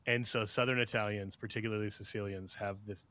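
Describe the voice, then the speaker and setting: A man's voice: fairly low pitch, fairly even intonation, brisk, fairly bright tone. A man as a guest on a call-in radio show, explaining context in a friendly way. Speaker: guest apologist.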